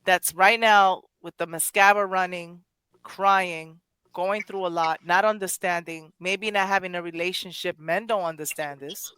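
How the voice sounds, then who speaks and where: A woman's voice: fairly low pitch, steady tone, measured pace, a bit bright, smooth, no room sound. Emotional woman host, rambling, dry sound. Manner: emotional, rambling with restarts and self-corrections. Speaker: poetry show host. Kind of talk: casual podcast chat.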